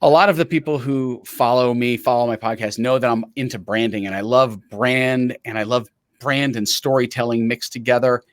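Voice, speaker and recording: A man's voice: medium pitch, fairly even intonation. A chatty male podcast host, swapping stories with an easy laugh. His voice sits mid-range with a dry, close sound and no room echo. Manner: chatty, anecdotal, quick to laugh. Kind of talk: casual interview chat.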